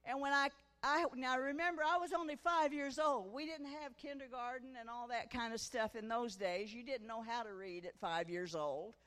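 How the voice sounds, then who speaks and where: A woman's voice: a little high, moderate pace, few pauses, a bit bright. A woman, preaching a testimony sermon at a women's conference, folksy storytelling that swells into fervent preaching. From Missouri. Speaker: guest preacher. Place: church conference hall. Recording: echoey church hall.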